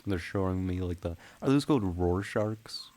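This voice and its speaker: A man's voice: sits low, normal speed, dark tone. A man streaming a game and rambling casually with his viewers, with frequent giggles. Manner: rambling and giggly, laughing often; chats with viewers while playing. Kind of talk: casual livestream chat.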